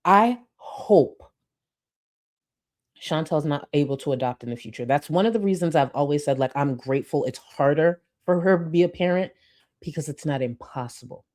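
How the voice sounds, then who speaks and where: A woman's voice: deep voice, expressive, moderate pace, darkish tone. Blunt, emphatic woman streamer. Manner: blunt, emphatic, swears freely; reads chat comments aloud. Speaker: commentary streamer. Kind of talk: live-stream commentary.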